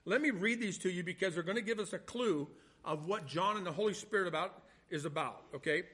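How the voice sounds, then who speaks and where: A man preaching a sermon, reading scripture slowly and swinging between loud, stressed points and quiet asides. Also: sits high. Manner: reads scripture slowly and deliberately. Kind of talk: sermon, Bible teaching.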